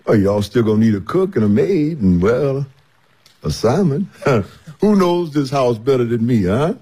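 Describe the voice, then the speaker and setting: A man voices an easygoing older servant in a radio drama. His voice is mellow and a little husky. He chuckles through his folksy talk. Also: mid-range voice, sing-song, unhurried. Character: older folksy household servant, good-humored.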